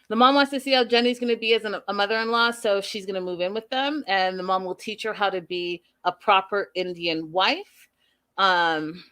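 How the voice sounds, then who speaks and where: A young woman hosting a casual reality TV recap, sassy and animated, acting out the people she talks about. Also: medium pitch. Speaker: recap show host.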